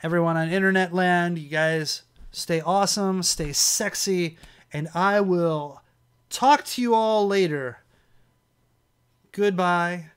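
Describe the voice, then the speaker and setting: A man with a slightly high, strained voice hosts a casual livestream. He rambles, restarts his sentences and chuckles often as he chats. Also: slow pace, clean tone. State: strained, worn voice. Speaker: livestream host. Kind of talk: casual chat.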